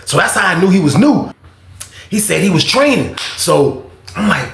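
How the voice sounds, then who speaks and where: Gravelly man telling a story animatedly. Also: high-pitched, brisk, reverberant. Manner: animated, profane, acts out both sides of dialogue. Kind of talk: casual storytime vlog.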